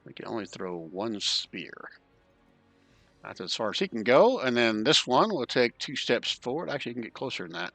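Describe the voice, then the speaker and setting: Lively gravelly DM a man, bright voice, dry mic, faint music. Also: mid-range voice, no echo. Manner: lively, counts moves aloud, quick asides. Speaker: dungeon master. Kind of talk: running a tabletop game online.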